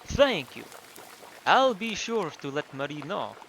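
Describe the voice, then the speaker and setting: A man's voice: on the high side, very animated, a little slow, gravelly, fairly bright tone, a little hiss or hum, heavily acted. A man doing a proud German printer. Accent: vaguely German put-on accent. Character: gruff middle-aged German male printer.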